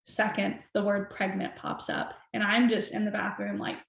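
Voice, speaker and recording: A young woman telling a personal story as a podcast guest, animated and chatty, full of "like". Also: medium pitch, moderate pace, vocal fry. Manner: animated, chatty, heavy use of "like". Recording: roomy echo.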